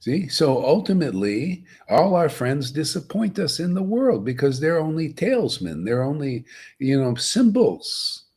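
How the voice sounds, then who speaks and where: A man's voice: fairly high pitch, very animated, a little slow, darkish tone, breathy edge. A man giving an informal, emphatic spiritual talk to a group, folksy and chuckling, often asking "see?". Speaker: spiritual teacher.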